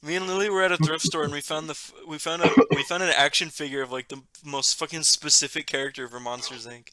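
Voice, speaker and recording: A man's voice: fairly high pitch, steady tone, fast talker, crowd noise. A man co-hosting a casual group podcast, laughing often and swearing while telling stories. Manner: laughs a lot, swears, storytelling. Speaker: podcast co-host.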